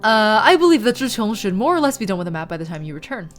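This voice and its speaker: A woman's voice: medium pitch, very animated, fast, faint music behind. A woman streaming a game, reading the characters' lines aloud in a formal tone and breaking off to chat and laugh.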